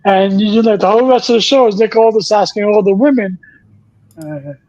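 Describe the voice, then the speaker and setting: A man's voice: high voice, fairly quick, darkish tone, highs cut off. A man hosting a casual chat, telling stories in a rambling way with many restarts. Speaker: podcast host.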